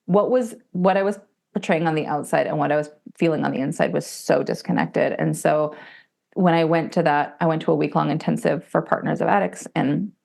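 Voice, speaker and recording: A woman in her forties, a podcast guest, telling her story in blunt, profane and animated talk, and acting out other people's voices as she goes. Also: low voice, a little fast, gravelly. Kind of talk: candid conversational storytelling.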